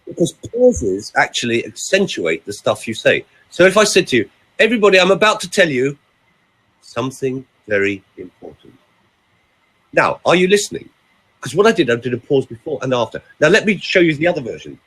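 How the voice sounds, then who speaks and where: A man, a vocal coach, talking in a podcast chat and demonstrating delivery with lively emphasis. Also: medium pitch, brisk, slightly rough.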